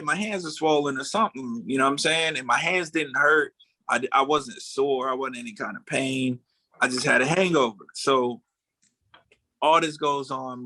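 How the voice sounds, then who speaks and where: A man in his forties telling a long story in casual chat, acting out what people said with animated delivery. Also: mid-range voice, no echo. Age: 40s. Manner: animated storyteller, acts out quotes. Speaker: podcast co-host.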